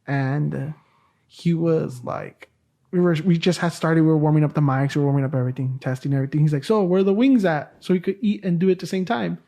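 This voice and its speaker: A man's voice: fairly high pitch, fast talker, gravelly, warm tone. A middle-aged man hosting a casual podcast chat, rambling and often searching for words. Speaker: podcast host.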